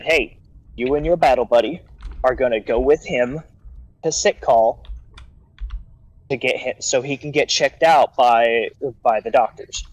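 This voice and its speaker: A man's voice: mid-range voice, no echo, rough recording. Man telling a rambling story. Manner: rambling anecdote with acted-out quotes and restarts. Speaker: guest storyteller. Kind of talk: casual storytelling.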